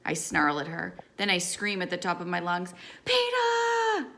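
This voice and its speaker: A woman reading a novel aloud in steady first-person storytelling. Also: on the low side, normal speed, creaky, slight background noise. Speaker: audiobook reader.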